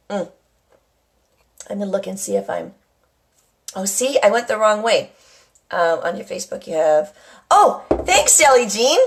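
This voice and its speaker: A middle-aged woman chats to her live viewers from home in a relaxed, rambling way. She hops from story to story and tags her sentences with a questioning "right?" as she goes. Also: mid-range voice. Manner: chatty, rambling, often asks "right?". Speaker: live-stream host. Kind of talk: casual live chat to viewers. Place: at home with a kitchen nearby.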